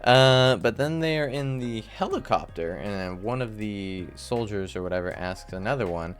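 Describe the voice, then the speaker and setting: Faint music sits behind this young man's fairly low voice as he talks alone about a TV episode. His delivery is loose and rambling, peppered with "like" and "I guess," and it flips suddenly into exasperated outbursts.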